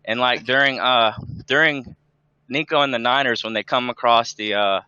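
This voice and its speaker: A man on a casual group call, bright and forceful in tone. He tells a story eagerly and casually, full of "like" and "dude". His mic sounds dull and completely dry. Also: mid-range voice, moderate pace, smooth, no echo. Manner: chatty, eager storyteller, says "like" and "dude" a lot. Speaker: call participant, former stagehand.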